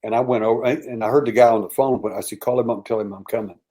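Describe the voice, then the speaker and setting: An American man spinning a long anecdote on a podcast, slipping into the voices of the people he quotes. His pitch sits in an ordinary middle range, and he keeps the tale moving with lively back-and-forth dialogue. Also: racing. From United States. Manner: animated storyteller acting out quoted dialogue. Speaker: podcast guest, alien abduction researcher. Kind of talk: storytelling in casual interview.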